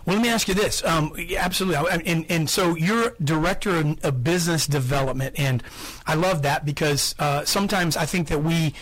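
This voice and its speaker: A man's voice: on the high side, a little fast, fairly bright tone, low-quality recording. A man hosting a sales podcast, giving earnest motivational talk and repeating his key points for emphasis. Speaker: podcast host.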